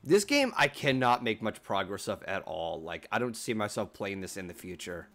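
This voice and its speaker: A man's voice: lowish voice, very animated, normal speed, fairly bright tone. A young man streaming games in casual chat, swearing at the game and mocking himself.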